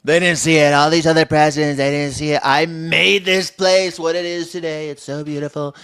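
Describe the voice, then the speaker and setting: A man's voice: a little high, steady tone, moderate pace, a bit bright, smooth, faint music behind, pitched above the performer's own voice. A man doing a boastful old politician, raised voice. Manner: self-praising, repetitive. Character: boastful older male politician bragging about renovations.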